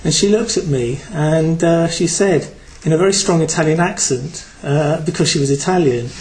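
A man's voice: on the high side, moderate pace, hardly any pauses, darkish tone, rough recording. A man from Britain giving a Buddhist talk to a group, reflective and hesitant, with many fillers. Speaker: Buddhist teacher.

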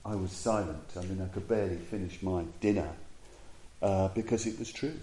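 A man giving a Dharma talk as a Buddhist teacher, telling a story reflectively with pauses and restarts. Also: low voice, steady tone, dark tone, roomy sound, slight background noise, low-quality recording.

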